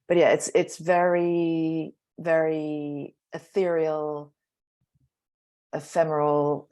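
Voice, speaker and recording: A woman astrologer speaking as a podcast guest, talking in a slow, reflective way with trailing pauses. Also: sits low, darkish tone. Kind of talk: casual podcast chat.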